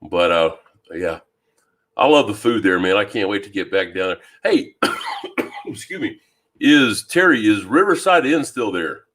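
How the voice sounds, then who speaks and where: Deep-voiced man hosting a fishing live stream. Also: expressive, unhurried, a bit bright. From Louisiana. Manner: easygoing, greets viewers by name, many ums and restarts. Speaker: fishing channel host. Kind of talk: casual live-stream chat reading viewer comments. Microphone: new microphone.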